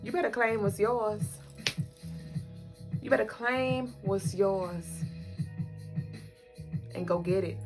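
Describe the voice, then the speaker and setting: A woman's voice: medium pitch, slow, pauses often. A woman co-hosting a spiritual livestream in a casual, repetitive, emphatic way, talking straight to her viewers. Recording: music playing behind the voice.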